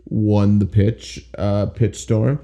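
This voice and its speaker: Gravelly low-key podcast guy. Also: flat delivery, slow, mellow, muffled recording. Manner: loose, jokey, runs the game rounds. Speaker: podcast co-host. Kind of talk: casual podcast chat.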